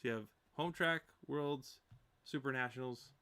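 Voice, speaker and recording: A young man in casual podcast chat, giving rambling, halting explanations full of fillers. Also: medium pitch, bright, forceful tone, clear, resonant tone. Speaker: racing podcast participant.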